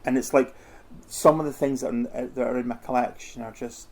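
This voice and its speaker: A man's voice: medium pitch, steady tone, fairly quick, vocal fry. A middle-aged man, talking as an interview guest in a chatty, rambling way with many restarts. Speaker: interview guest, costume house owner. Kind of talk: casual conversational interview.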